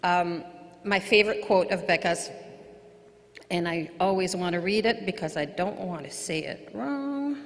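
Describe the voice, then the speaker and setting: A woman's voice: lowish voice, unhurried. A woman, a mother, giving an earnest storytelling speech at an award ceremony in a large event hall, speaking into a podium microphone. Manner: earnest, storytelling, occasional restarts. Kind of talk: heartfelt public speech. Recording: long hall reverb.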